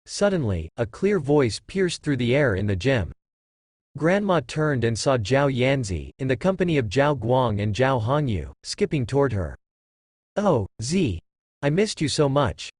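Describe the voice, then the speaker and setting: A man with a synthetic voice narrating a light novel audiobook in an even, steady reading. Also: mid-range voice, moderate pace, dry recording, clean studio sound.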